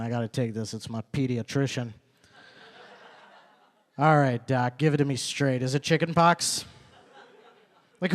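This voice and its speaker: A young man doing stand-up in a small club, his voice sitting a little high. He talks to the audience casually, tosses them questions and circles back on his punchlines. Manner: conversational, asks the crowd questions, repeats punchlines. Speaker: stand-up comedian. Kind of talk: stand-up comedy set. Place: small live comedy venue.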